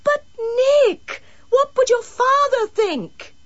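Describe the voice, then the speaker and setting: A woman narrator voicing a frantic grown woman who pleads and bawls at others, high and strained. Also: big pitch swings, normal speed, lo-fi sound. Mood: pleading. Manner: pleading, desperate shouting. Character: frantic grown woman trying to save a boy.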